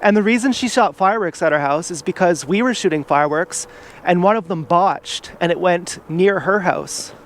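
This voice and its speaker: A man's voice: sits high, moderate pace. A man vlogging outdoors from an e-bike, rambling in a casual monologue full of "like" and restarts.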